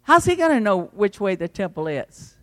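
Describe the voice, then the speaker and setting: A man preaching an evening sermon in a church, swinging between loud calls and quiet, low passages. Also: very animated, normal speed. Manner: fervent preaching with big swings in pitch and loudness. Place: church sanctuary. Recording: long hall reverb.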